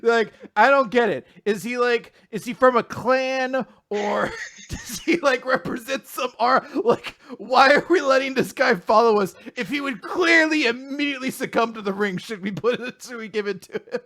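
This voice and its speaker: High-voiced man joking around. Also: normal speed, fairly bright tone. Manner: laughing, joking, swears casually. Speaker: podcast co-host. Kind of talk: casual chat, joking riffs.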